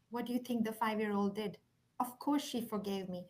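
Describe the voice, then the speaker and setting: A woman's voice: mid-range voice, a little fast. A woman speaking earnestly and reflectively, telling a personal story, sometimes dropping almost to a whisper. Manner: earnest, reflective, softens to near whispers at key points. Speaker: guest speaker. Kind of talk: heartfelt conversational storytelling.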